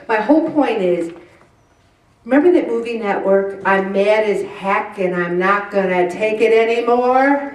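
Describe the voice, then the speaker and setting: A woman's voice: lowish voice, a little mellow, roomy sound, distant mic, rough recording. A woman in her sixties leading a Catholic weight loss group, chatting to the group, acting out little scenes and laughing often. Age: 60s. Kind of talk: talk to a group.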